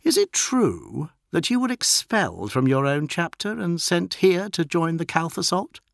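A man's voice: on the high side, very animated, unhurried, vocal fry, fairly bright tone, no room sound, studio quality, voice pushed up, exaggerated voice. A man voicing a brash, bloodthirsty young male warrior in an audiobook, eager and gleeful. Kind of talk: audiobook character voice.

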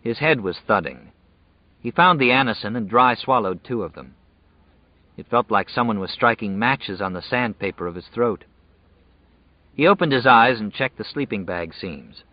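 A man reading a novel aloud in measured, even scripted narration. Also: on the low side, no echo. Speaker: audiobook narrator. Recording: dull dry lo-fi audio.

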